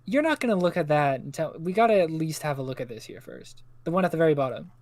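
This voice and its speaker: Playful co-host teasing on a live stream, middle pitch. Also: expressive, fast talker, darkish tone, no room sound. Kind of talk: casual live-stream chat.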